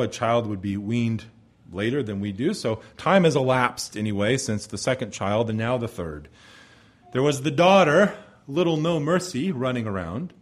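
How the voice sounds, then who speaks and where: A man preaching a sermon in an earnest way, building to emphatic peaks and then dropping low and quiet. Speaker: pastor.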